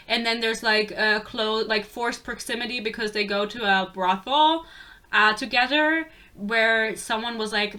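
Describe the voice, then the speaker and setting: Brief: bright-voiced young woman, sarcastic and chatty, casual book review rant. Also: fairly high pitch, moderate pace. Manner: sarcastic, swears freely, chatty.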